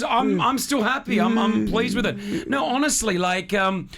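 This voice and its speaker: A man with an Australian accent hosting a radio studio interview, effusive and quick to laugh. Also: very high-pitched, vocal fry, a crowd in the background. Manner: lively, effusive, laughs often. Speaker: radio host.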